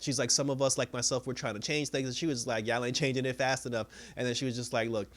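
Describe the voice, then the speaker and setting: A man recapping a TV episode in a loose, chatty way, laughing as he goes. His pitch sits in the middle for a man. When he quotes characters, his voice drops lower. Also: little pitch movement, fast talker. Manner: chatty, laughs often, acts out characters' lines in a low voice. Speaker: TV episode reviewer. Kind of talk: casual recap monologue.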